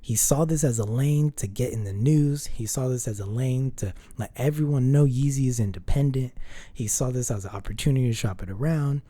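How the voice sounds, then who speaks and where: A man's voice: mid-range voice, brisk, mellow, dry recording. A man hosting a solo podcast, giving casual, opinionated commentary with a ranting manner, frequent restarts and some swearing. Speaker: podcast host.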